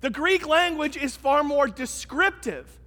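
A man with a very high voice delivers a sermon, talking to the congregation in a loose, conversational way and leaning hard on key words. His voice rings out with the long reverb of a large church hall. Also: animated, unhurried, sharp tone. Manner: conversational, emphatic preaching. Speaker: pastor.

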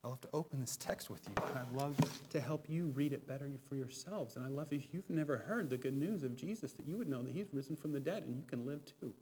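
A man in his thirties, a preaching pastor, giving a conversational sermon in church, moving from soft self-deprecating asides to loud, emphatic peaks. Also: mid-range voice, fast, hardly any pauses, background noise. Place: church sanctuary.

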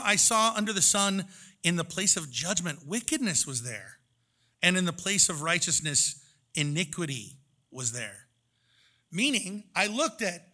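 Bright-voiced man giving a casual sermon. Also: high voice. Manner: conversational, addresses listeners as guys. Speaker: preacher.

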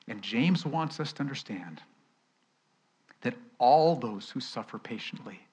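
Husky-voiced man preaching a sermon. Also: medium pitch, expressive, unhurried. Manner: swings from loud emphatic preaching to hushed near-whispers. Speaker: pastor.

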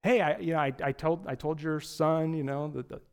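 A man voicing an excited male household servant as he retells a Bible story in a sermon. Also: a little high, brisk, smooth, lightly acted. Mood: hesitant.

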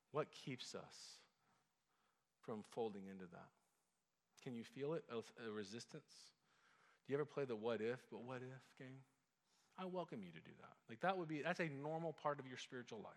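A man's voice: on the high side, expressive, normal speed, fairly bright tone. A male pastor preaching a sermon in a conversational, emphatic way, with frequent "like" and restarts. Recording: long hall reverb.

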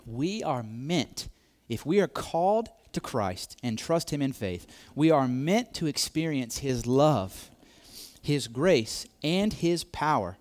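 A man's voice: mid-range voice, expressive, measured pace. A man preaching a sermon, repeating key phrases, swelling to emphatic peaks and dropping to near whispers. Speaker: pastor.

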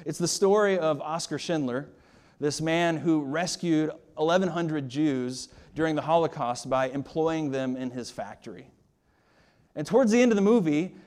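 Delivering a sermon, a pastor speaks on the high side with a slightly mellow quality. His style is emphatic, rising and falling for emphasis, and he presses his points with rhetorical questions, frequently repeating words at the start of a phrase.

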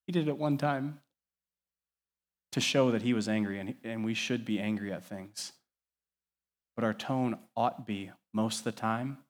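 Male pastor preaching a sermon, middle-pitched voice, lively, moves from quiet asides to punchy emphasis. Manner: animated, varies loudness widely, conversational asides.

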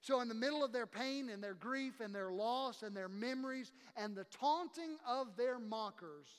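A pastor gives a sermon with impassioned emphasis, his voice sitting very high for a man. He acts out the people he quotes, and his words ring through a long, reverberant church hall. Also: normal speed, clear, resonant tone.

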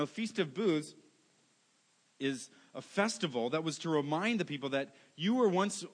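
A middle-aged male pastor preaching a sermon, emphatic, repeating key words, with self-mocking asides. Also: fairly high pitch.

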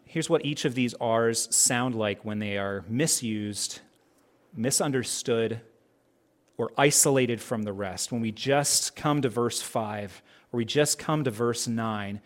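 Speaking slowly in a medium pitch, this man delivers a sermon as a pastor in a relaxed, conversational style. Many rhetorical questions come up, and he performs snippets of dialogue as he quotes them.

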